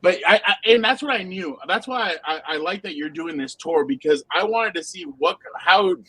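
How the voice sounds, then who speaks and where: A man co-hosting a casual football podcast, telling animated anecdotes and laughing often. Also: sits high, moderate pace, husky, rough recording. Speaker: podcast co-host, football reporter. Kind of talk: casual sports podcast chat.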